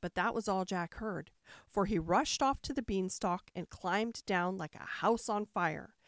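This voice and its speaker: A woman reading a fairy tale aloud as a storyteller, with expressive narration and rising emphasis. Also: mid-range voice, measured pace, no room sound, clean studio sound.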